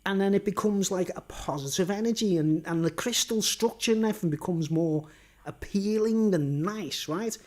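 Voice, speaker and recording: A man's voice: high-pitched, normal speed, darkish tone. A man talking to camera in a rambling monologue, full of tag questions like "right?" and "you know what I mean?". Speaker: vlogger.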